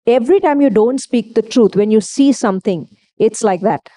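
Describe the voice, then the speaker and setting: A woman's voice: on the high side, normal speed, mellow. A woman preaching a sermon, emphatic, asking her listeners questions and answering them herself.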